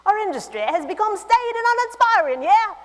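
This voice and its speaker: A woman's voice: extremely high pitch, animated, fairly quick, pitched above the performer's own voice. A woman putting on a British accent to read a brand's copy aloud in a playful, exaggerated lilt. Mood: playful posh. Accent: British, put on. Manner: lilting, raised, playful exaggeration. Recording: long hall reverb.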